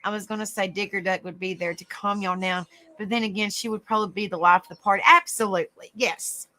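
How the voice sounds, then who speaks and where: A woman's voice: medium pitch, steady tone, fast, bright, forceful tone. A middle-aged woman with a Southern US accent, casually chatting as a livestream host, reading out viewer comments and laughing often. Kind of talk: casual chat.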